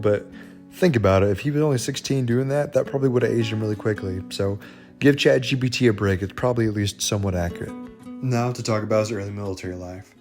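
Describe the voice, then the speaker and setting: A man with a fairly low voice talks through history in a casual, irreverent way, wandering into jokes and asides. Soft guitar music plays faintly behind him. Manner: irreverent, digressive, jokey. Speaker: history video host. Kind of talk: casual commentary.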